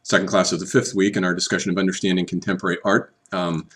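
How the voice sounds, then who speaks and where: A man giving an art history lecture, explaining slowly and often restarting his phrases as he goes. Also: deep voice, little pitch movement, fairly bright tone, breathy edge. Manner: measured, restarts and repeats phrases while explaining.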